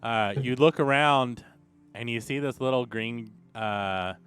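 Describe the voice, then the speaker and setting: A man with a mid-pitched voice narrating as game master of a tabletop game. He describes the scene at a steady pace and asks players for dice rolls. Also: measured pace, clean tone, soft background music.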